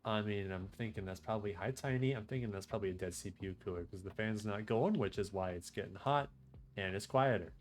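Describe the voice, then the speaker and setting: A man streaming a game, reading its text aloud and chatting casually in a relaxed, trailing-off way. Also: fairly low pitch, fast talker, slight background noise.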